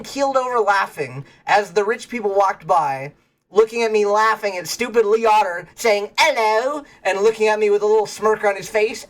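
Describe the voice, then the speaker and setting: A livestreamer chatting casually with viewers, spinning long, rambling anecdotes. The voice sits at an ordinary middle pitch, and laughter keeps breaking into the telling. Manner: laughs often while telling stories; animated, rambling storyteller. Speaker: streamer.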